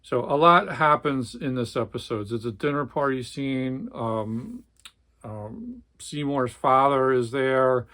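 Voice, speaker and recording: A man's voice: mid-range voice, lively intonation, slow pace, fairly bright tone. A man reviewing a novel, reading a passage aloud and then talking about it casually, with some hesitation. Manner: conversational, hesitant with fillers. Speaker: book reviewer.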